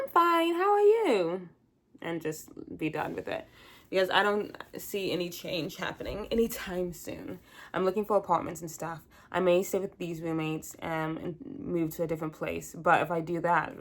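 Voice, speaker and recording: A young woman hosting a podcast, talking in a rambling, candid solo chat as if on the phone with a friend. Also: fairly low pitch. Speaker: podcast host.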